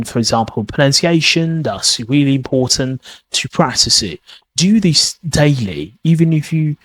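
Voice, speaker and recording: A man's voice: medium pitch, a bit bright. A man giving a podcast lesson on pronunciation, often restarting and checking in with "okay?". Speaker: pronunciation teacher.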